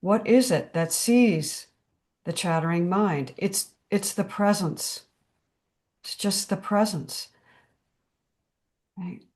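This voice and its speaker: A woman hosting a spiritual discussion on a video call, speaking calmly and measuredly and repeating her key phrases. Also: medium pitch, slow, long pauses.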